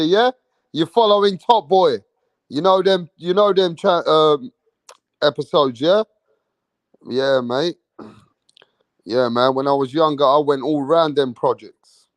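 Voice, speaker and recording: A man hosting a boxing channel, chatting casually on a live stream, shouting out viewers in slangy, emphatic talk. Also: fairly high pitch, dry recording.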